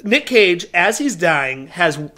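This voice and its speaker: A man co-hosting a comedic movie podcast, wryly recapping scenes and quoting lines in a flat mock voice. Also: sits high, takes it slowly. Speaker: podcast co-host. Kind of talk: casual comedic movie chat.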